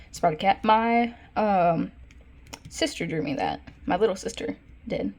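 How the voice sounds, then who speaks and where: Young woman, casual sketchbook tour, chatty and rambling, giggly, mid-pitched. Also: unhurried. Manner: rambling, giggly, frequent fillers and self-corrections; excited bursts over favorite drawings. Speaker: art vlogger.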